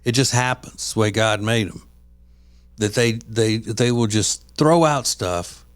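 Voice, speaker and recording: A man's voice: on the low side, unhurried, clear, resonant tone, no echo. A man co-hosting a podcast in casual chat, rambling with frequent restarts and acting out quoted voices. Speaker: podcast co-host.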